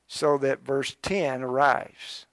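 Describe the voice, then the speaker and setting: A man's voice: mid-range voice, fairly even intonation, takes it slowly, no echo, clean studio sound. A male pastor preaching a sermon, fervent and exhorting, speaking directly to his congregation. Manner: fervent, exhorting, urgent early and quieter and reflective later.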